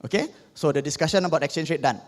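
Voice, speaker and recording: A man's voice: fairly high pitch, rapid-fire. A man with a Singaporean English accent giving an economics revision lesson, explaining step by step and checking in with "okay?" after most points. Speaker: economics tutor. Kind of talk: revision lecture. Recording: long hall reverb.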